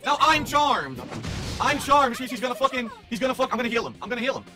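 A man's voice: very high voice, animated, fast, over music. A man playing a video game and ranting in exasperation, repeating himself as he gives up. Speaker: gamer. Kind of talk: let's play commentary.

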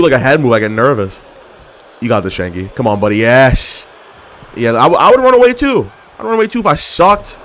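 A man's voice: fairly high pitch, fairly bright tone, slight background noise. A young man giving live gameplay commentary, trash-talking his opponents and getting exasperated with the match. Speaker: gaming commentator.

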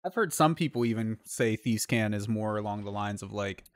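A young man streaming a video game from home, chatting casually with a relaxed, sweary manner and lots of fillers. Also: on the low side, moderate pace, no room sound. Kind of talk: casual gameplay chat.

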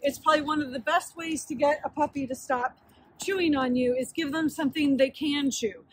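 High-pitched woman trainer talking through a puppy demo, calm and explaining, slightly distant mic. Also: fairly quick. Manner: calm, explanatory, talks while handling a puppy. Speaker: dog trainer. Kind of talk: hands-on training demonstration. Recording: distant mic with faint background noise.

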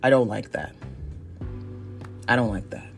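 Slow-talking woman podcaster from Northeast Ohio. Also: rumbling low, creaky, soft background music. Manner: chatty, self-deprecating, laughs often. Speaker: podcast host. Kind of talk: casual solo podcast monologue.

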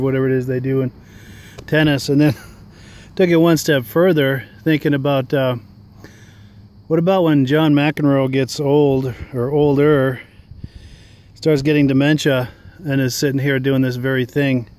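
A vlogger sits outdoors on a park bench, talking casually in a rambling monologue. His mid-range voice is steady and darkish at a moderate pace, and he chuckles often and fills his speech with fillers.

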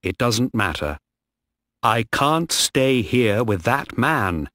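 A man's voice: medium pitch, sing-song, slow, a bit bright, dry recording, studio quality. A man voicing a desperate young male ship officer in a storybook reading.

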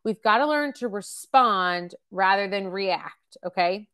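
A woman's voice: mid-range voice, lively intonation, unhurried, a bit bright, clear, resonant tone. A woman in her thirties or forties presenting a parenting webcast, talking casually with lots of fillers and acted-out examples. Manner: chatty, with many fillers and acted-out example quotes. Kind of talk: casual teaching talk.

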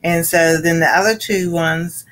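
A woman casually recapping a cartoon episode for a panel show, rambling and halting with many fillers. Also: fairly low pitch, steady tone, fairly bright tone, rough recording.

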